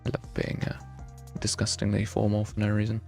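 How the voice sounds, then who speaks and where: A man's voice: fairly low pitch, monotone, a little fast, vocal fry, warm tone, soft background music. A young man from the UK, chatting casually and self-mockingly while streaming a game and answering chat. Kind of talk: live gameplay chat.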